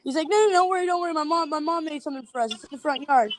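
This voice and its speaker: A woman's voice: sits high, rapid-fire, no room sound. A young woman telling prank stories on a podcast, giggling often and acting out her friends' lines. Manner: giggly, animated storyteller, acts out friends' lines. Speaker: guest TikTok creator. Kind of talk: casual podcast storytelling.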